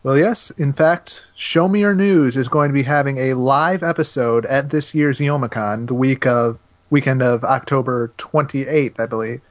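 A man with a mid-range voice trades dry jokes on a gaming podcast, then shifts into brisk announcing. The recording is dry and close. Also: medium pitch, no echo. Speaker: podcast co-host. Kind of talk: casual gaming podcast chat.

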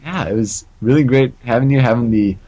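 A man's voice: mid-range voice, fairly quick, warm tone, lo-fi sound. A man hosting a podcast casually, chuckling often as he steers the talk. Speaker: podcast host. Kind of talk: casual chat.

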